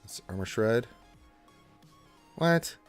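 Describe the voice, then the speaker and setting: A man hosting a casual gaming livestream from home on a close desk mic, chatty and excitable, talking to himself as he plays. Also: mid-range voice, takes it slowly, faint music behind. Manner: excitable, chatty, talks to himself while playing. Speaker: livestream host.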